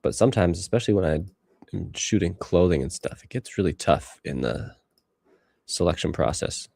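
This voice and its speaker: A man's voice: sits low, expressive, normal speed, gravelly, a little mellow, slightly rough, no echo. A man in his thirties streaming live as he edits photos, rambling and talking to himself while he works. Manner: rambling self-talk, musing aloud. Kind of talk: casual livestream commentary while working.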